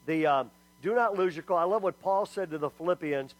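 A middle-aged man giving a lively sermon-style talk to parents. He is emphatic and humorous, and keeps asking the audience "okay?" after each point. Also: high-pitched, a little fast, dry recording, poor audio. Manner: humorous storyteller. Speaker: speaker at a church parenting talk.

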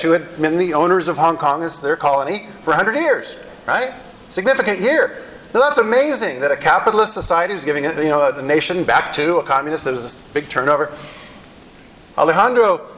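A middle-aged male pastor telling stories in a sermon, animated and wryly self-deprecating. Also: high-pitched, poor audio. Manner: animated storyteller with wry self-deprecating humor. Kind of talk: sermon storytelling.

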